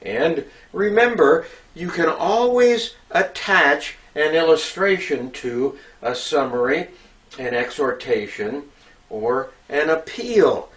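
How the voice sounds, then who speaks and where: Slow, earnest man teaching preaching. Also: a little high, lively intonation, a bit bright. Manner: deliberate, earnest, hesitant with fillers. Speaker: preaching instructor. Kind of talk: instructional talk on preaching. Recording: voice distant from the microphone.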